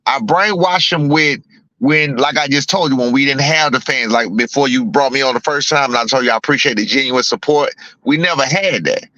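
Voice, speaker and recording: A man's voice: mid-range voice, fairly quick, bright, forceful tone, no echo, muffled recording. A middle-aged man, a boxing trainer, talking bluntly in a casual interview, repeating himself and swearing freely.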